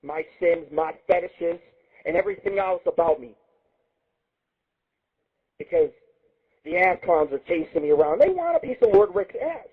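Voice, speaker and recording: A man with a high, husky voice that swings all over the place, ranting as host of a crude internet radio show. He swears constantly and rambles from one thing to the next. The sound is tinny and narrow, like it comes down a phone line. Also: animated, moderate pace, long pauses. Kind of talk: profane comedic radio rant. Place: home radio studio.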